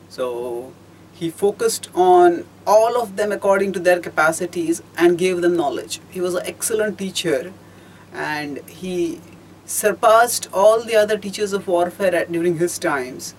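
A man giving a storytelling lecture on scripture, measured and explanatory, pausing often and rephrasing as he goes. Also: high-pitched, a little hiss or hum, low-quality recording. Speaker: teacher of scripture.

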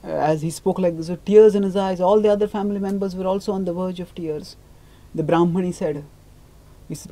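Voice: mid-range voice, fairly even intonation, brisk, mellow, rough recording. A storyteller retelling a scripture episode in lecture style, explaining terms with frequent restarts and fillers.

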